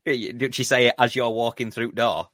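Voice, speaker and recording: A man's voice: mid-range voice, steady tone, brisk, fairly bright tone, no echo. A man co-hosting a podcast, chatting with dry, blunt quips. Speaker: podcast co-host. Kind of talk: casual chat.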